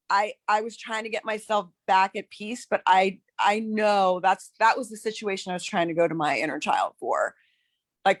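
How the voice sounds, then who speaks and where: A woman on a live coaching call, talking in an earnest, searching way with many halting restarts. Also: medium pitch, no room sound. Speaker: coaching client.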